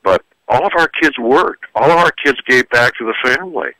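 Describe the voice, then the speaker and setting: A man's voice: mid-range voice, brisk, no room sound, rough recording. An older man, a psychologist and author, giving parenting advice in a folksy, joking radio interview. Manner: folksy, joking, animated storyteller. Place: radio studio.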